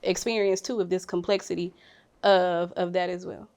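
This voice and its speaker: A woman's voice: on the low side, flat delivery, fairly quick. Candid, emotional woman in frank talk. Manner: emotional, frank, swings from soft to loud. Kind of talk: candid panel conversation.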